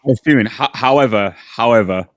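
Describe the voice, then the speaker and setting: Sweary animated podcast host. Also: male voice, mid-range voice, a little fast, no echo, studio quality. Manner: sweary, animated, often shouts when retelling. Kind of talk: casual chat, storytelling.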